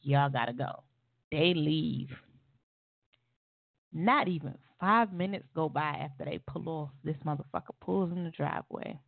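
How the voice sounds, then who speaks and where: A woman's voice: low voice, measured pace, gravelly. Blunt woman telling her story over a phone line. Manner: blunt and profane, wry laughs. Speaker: panel guest on an online talk show. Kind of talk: candid personal storytelling. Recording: tinny phone-line audio.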